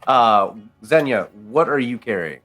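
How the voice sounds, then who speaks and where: A man's voice: medium pitch, expressive, measured pace, fairly bright tone, faint music behind. A man narrating as game master, casual and rambling, calling players mate.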